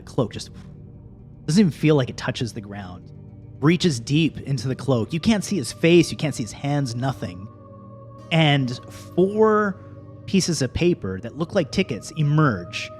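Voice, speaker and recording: A man narrating a tabletop game as game master, in a slow, hushed storytelling manner. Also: medium pitch.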